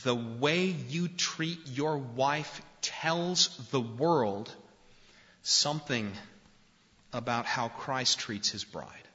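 Male pastor, earnest direct preacher, sharp bright voice, dull lo-fi church recording. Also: mid-range voice, extremely slow. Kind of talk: sermon. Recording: dull lo-fi recording in a reverberant hall.

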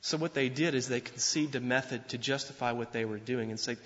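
A pastor giving a sermon in an animated, conversational way, often restarting his sentences. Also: medium pitch, a little fast. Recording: dull sound with long hall reverb.

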